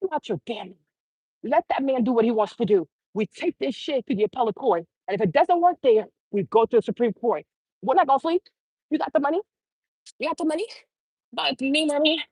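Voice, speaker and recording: A woman with a high, husky voice rants on her own commentary show. She is fired up and profane, hammering her points home by repeating lines. The sound is close and dry. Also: lively intonation, quick pace, dry recording. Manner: heated, profane, repeats phrases for emphasis. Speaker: show host. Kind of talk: opinionated commentary rant.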